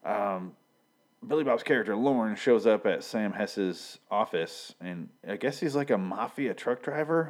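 Speaking in a lowish voice at normal speed, a young Michigan man reviews a TV episode in a loose, rambling way. He leans on fillers and profanity while quoting scenes from the show.

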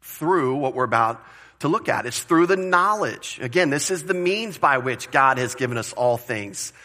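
A man preaching a sermon to his congregation, emphatic and animated, repeating phrases and asking the room questions. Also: medium pitch, moderate pace. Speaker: pastor.

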